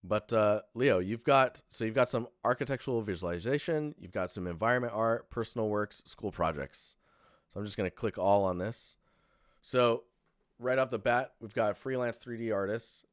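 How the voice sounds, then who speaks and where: A man's voice: fairly low pitch, normal speed, no echo, studio quality. A young man giving a casual, rambling live-stream portfolio critique, sleepy and full of fillers and restarts.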